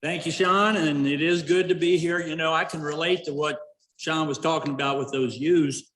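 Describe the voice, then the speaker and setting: A man's voice: a little high, steady tone, moderate pace, fairly bright tone, echoey room, big-room sound, low-quality recording. A middle-aged man giving a folksy after-dinner speech, full of fillers and restarts. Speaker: Rotary club member giving award introduction. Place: event hall.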